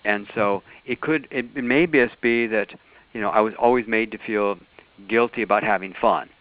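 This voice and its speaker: A man's voice: on the low side, moderate pace, no echo. Man teaching over a thin call line. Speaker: workshop teacher. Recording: phone-like call audio.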